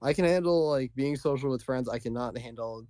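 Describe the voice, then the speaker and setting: A man guesting on a casual stream, with a mid-pitched voice. He talks in an easygoing, self-deprecating way, and the sound is dry and close. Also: fairly quick, dark tone, dry recording.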